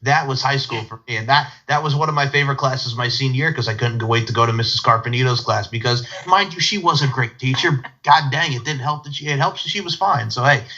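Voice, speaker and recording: A man's voice: mid-range voice, fast, few pauses, bright, forceful tone. A man hosting a casual interview, rambling through digressive stories and laughing often. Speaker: podcast host. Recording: dull lo-fi sound.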